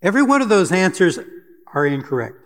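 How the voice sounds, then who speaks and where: An older man, a church elder, addresses his congregation in a fairly high, slightly bright voice, earnest and deliberate yet very animated. He pauses now and then with fillers, and a long reverb makes it sound like a church sanctuary.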